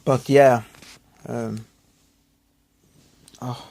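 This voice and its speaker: A man recovering from illness, talking to his viewers in a subdued, halting, apologetic way with many restarts. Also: mid-range voice, fairly even intonation, a little mellow. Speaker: YouTuber thanking subscribers. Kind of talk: rambling personal vlog.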